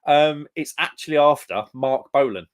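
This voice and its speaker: A man's voice: a little high, moderate pace. A young man from England hosting a live stream, chatting casually and reading out comments, with a rambling manner full of "mate" and "um".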